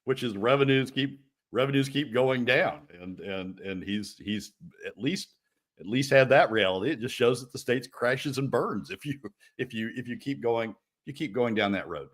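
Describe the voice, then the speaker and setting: A man's voice: mid-range voice, moderate pace, a bit bright. A man as a radio guest on policy, fervent and repetitive, his voice jumping up when angered. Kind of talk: political talk radio commentary.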